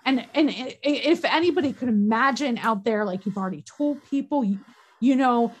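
A woman in a candid podcast conversation, talking earnestly and emotionally, halting with restarts and frequent fillers. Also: a little high, breathy edge.

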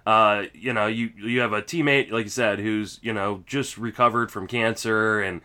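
A man co-hosting a sports podcast in a bright, smooth, crisp voice. He speaks casually and haltingly, restarting his sentences as he works out his point. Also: lowish voice, steady tone. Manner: hesitant, lots of fillers and restarts. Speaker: podcast co-host.

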